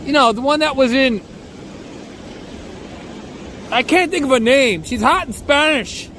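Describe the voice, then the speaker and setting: His pitch is extremely high and his pace moderate, with slight background noise around him. He's a bodyboarding vlogger with a New York accent, rambling outdoors by the beach in an animated, boastful, joking, self-mocking way.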